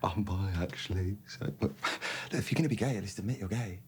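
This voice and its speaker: An actor playing a nosy, hostile older brother who talks in a sneering, mocking way, from a TV series clip. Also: male voice, on the low side, quick pace, noisy background, lightly acted.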